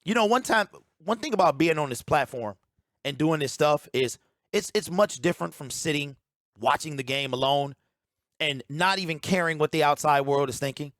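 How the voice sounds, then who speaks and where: A man's voice: on the high side, normal speed, a bit bright, dry recording. A man giving opinionated sports talk as a commentator, emphatic and ranting, repeating his key points on a close mic.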